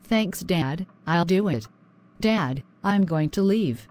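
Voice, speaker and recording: A woman voicing a young married wife in an animated drama, pleading and worn down. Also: lowish voice, slow.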